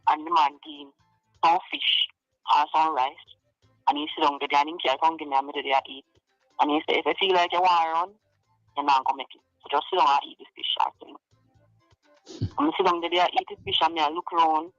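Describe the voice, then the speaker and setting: High-voiced Jamaican man, rapid patois. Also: fairly even intonation, a bit bright, no room sound, soft background music. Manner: rambling, repeats and quotes others in patois. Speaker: interviewee in a played clip. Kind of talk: recounting an ordeal in an interview. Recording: dull lo-fi clip audio.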